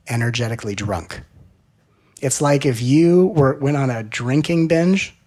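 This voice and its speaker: A man with a mid-range voice teaches a spiritual talk in a playful, teasing way. He swings from loud, excited questions to soft, slow reflection.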